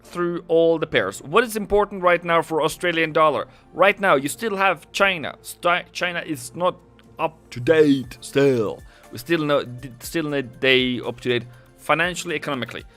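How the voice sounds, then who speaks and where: Bright-voiced man rambling. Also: a little high, moderate pace, faint music behind. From Norway. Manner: rambling and chatty, often self-correcting. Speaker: trading streamer. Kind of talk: live market commentary.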